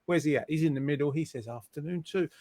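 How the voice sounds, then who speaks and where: A man's voice: on the high side, fast talker, a little mellow, no room sound. A man hosting a live online show, chatting with guests and reading out viewer greetings in an upbeat way. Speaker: host.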